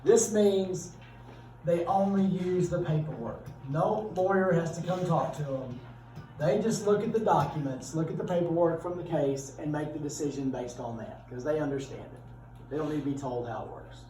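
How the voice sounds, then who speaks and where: A middle-aged man with a drawl lectures a classroom in a folksy, joking manner. His voice sits a bit high but sounds mellow and dark. He is caught from across a roomy, echoing classroom. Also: normal speed, far from the mic. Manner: folksy, joking, chatty with students. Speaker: teacher. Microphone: far from the speaker.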